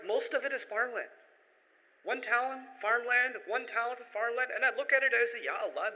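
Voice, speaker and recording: A man giving an emphatic sermon-style lecture, using rhetorical repetition and building to forceful peaks. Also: sits high. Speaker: Islamic lecturer. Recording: echoey hall, dull lo-fi sound.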